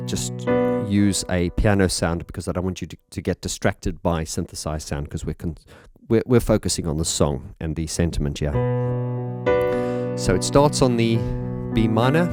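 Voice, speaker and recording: A man's voice: low voice, moderate pace. A man analysing a song as a music teacher, talking thoughtfully and with enthusiasm. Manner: thoughtful, warm enthusiasm, sings short demonstration phrases.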